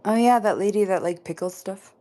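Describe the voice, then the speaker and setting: A woman in a casual group chat, talking in a calm, musing way. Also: mid-range voice, fairly quick.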